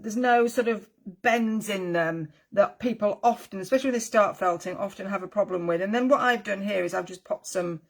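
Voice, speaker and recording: A woman teaching a craft tutorial in a chatty, friendly way, with rambling asides and frequent ums. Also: mid-range voice. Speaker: needle felting teacher.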